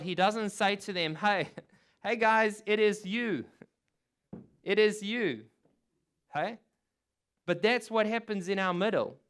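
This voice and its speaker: A man preaching a sermon in an earnest, emphatic way, returning again and again to key phrases. His voice sits a little high for a man and sounds smooth and clear. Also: a bit bright. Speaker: pastor.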